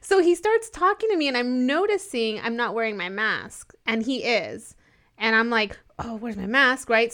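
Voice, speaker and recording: A woman's voice: mid-range voice, clean tone. A young woman co-hosting a podcast, telling a funny personal story in a casual chat and acting out the people she quotes. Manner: animated storyteller, laughs often, acts out the people she quotes. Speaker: podcast co-host.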